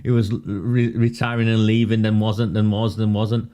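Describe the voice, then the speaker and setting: A man talks straight to his live viewers in a low-pitched voice. His delivery is sarcastic and mocking, and it keeps slipping into laughter. The tone is mellow and warm rather than bright. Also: flat delivery, normal speed, smooth. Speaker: livestream commentator on local politics. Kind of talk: casual live commentary.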